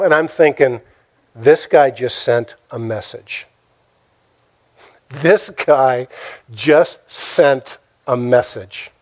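A pastor preaching with a dramatic, storytelling delivery. He asks his listeners rhetorical questions and acts out the lines he quotes, in a man's voice that sits a little high. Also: darkish tone. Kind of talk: sermon.

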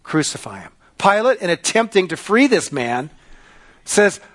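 A man preaching a sermon, telling a story dramatically and swinging between loud passages and hushed ones. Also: sits high, big pitch swings, unhurried. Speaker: pastor.

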